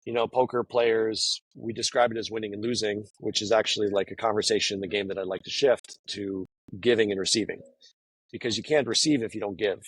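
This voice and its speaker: A man's voice: fairly low pitch, fairly even intonation, fairly quick, slight background noise, rough recording. A man talking casually as an interview guest, rambling with many fillers and restarts. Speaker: guest, professional poker player. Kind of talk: casual conversation.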